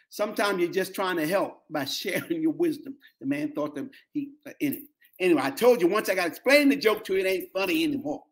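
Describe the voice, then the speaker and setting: A middle-aged man with an African-American English accent, preaching a sermon as pastor, calling out to the congregation and repeating phrases for emphasis. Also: a little high.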